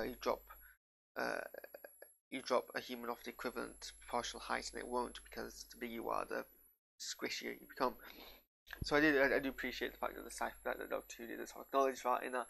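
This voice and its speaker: A man's voice: medium pitch, a little fast, vocal fry, bright, forceful tone, slightly rough. A man with a northern English accent giving a casual, rambling reaction to a TV episode, often drifting off on tangents and losing his thread. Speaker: show reviewer.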